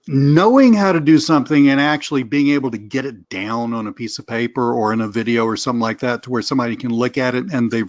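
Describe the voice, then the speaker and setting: A man's voice: mid-range voice, no room sound, highs cut off. A middle-aged man with a Southern US accent, talking casually and rambling as a coach on a webinar. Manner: chatty, rambling, self-deprecating, occasional cursing. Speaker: online business coach.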